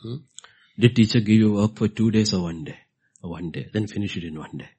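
A middle-aged man preaching a sermon, repeating key phrases and swinging from hushed whispers to loud emphatic bursts. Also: lowish voice, brisk, slightly rough.

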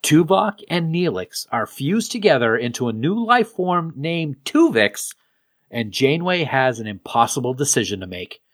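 A man co-hosting a podcast in casual, joking banter, laughing often. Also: mid-range voice. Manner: joking, laughs often, playful silly voices. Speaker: podcast co-host.

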